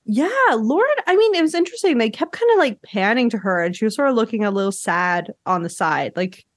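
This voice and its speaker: A woman's voice: fairly high pitch, animated, a little fast, no echo. Woman podcast host from Canada, chatty, laughs a lot, dry close mic. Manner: chatty, laughs often, many "like" fillers. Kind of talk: casual chat.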